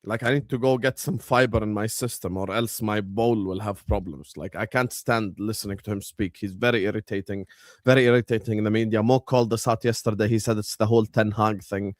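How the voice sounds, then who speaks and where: A man's voice: fairly low pitch, steady tone, fairly quick, no room sound, clean studio sound. A man co-hosting a football podcast, arguing combatively and ranting with plenty of swearing. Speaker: podcast co-host. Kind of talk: heated football banter.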